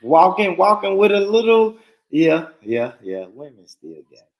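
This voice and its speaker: A man's voice: high voice, very animated, a little slow, poor audio. A man hosting a podcast in casual chat, loose and joking, swearing and laughing often.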